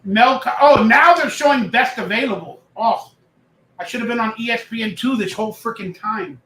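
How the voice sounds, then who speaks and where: A bright, high-voiced man hosting a loose live stream, chatting and reading viewer comments aloud. His voice rings out in an echoey room, relaxed and rambling. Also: moderate pace. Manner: chatty, reads chat aloud, jokes and rambles. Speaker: livestream host. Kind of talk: casual live-stream chat.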